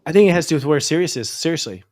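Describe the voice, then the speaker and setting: A man with a fairly high voice talks quickly as he hosts a casual chat. He rambles in an excitable way and trips over his own restarts. He fills the gaps with "you know" and "like". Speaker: astrologer host.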